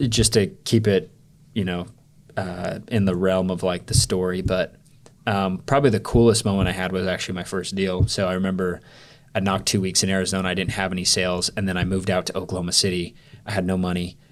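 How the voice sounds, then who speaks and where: A man's voice: low-pitched, little pitch movement, a little fast. A young man, a podcast guest, telling a personal story in a loose, rambling way full of "like" fillers. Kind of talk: storytelling in a casual interview.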